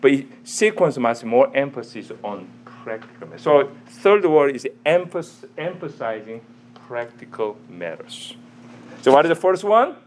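Male church teacher, mid pitch, very lively delivery, broken phrasing, sermon style. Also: moderate pace, a little hiss or hum. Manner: animated, quizzes the audience.

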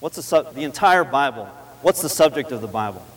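A man giving a sermon in a conversational way, repeating key phrases for emphasis and reading scripture slowly. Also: mid-range voice, animated, fairly bright tone, breathy edge. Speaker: preacher. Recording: long hall reverb.

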